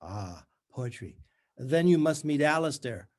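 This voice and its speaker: A man voicing a brisk woman tutor in her fifties, with a strangulated voice forced through gritted teeth and a falsely bright, bossy manner. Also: mid-range voice, lively intonation, close to an everyday voice. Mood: prim, falsely cheery. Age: 50s. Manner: unbearably faux bright, prim and bossy.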